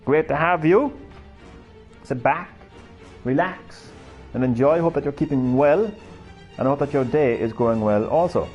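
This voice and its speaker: A man's voice: medium pitch, measured pace, long pauses, darkish tone, dull audio, soft background music. A man live-streaming a fighting game, chatting casually, rambling and swearing freely as he plays. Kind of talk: casual gameplay commentary.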